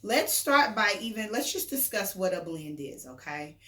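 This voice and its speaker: A woman teacher leads a remote phonics lesson for young children, patiently and encouragingly sounding out words and their individual phonemes slowly. Her mid-range voice is sing-song with a sharp tone, and the room is echoey.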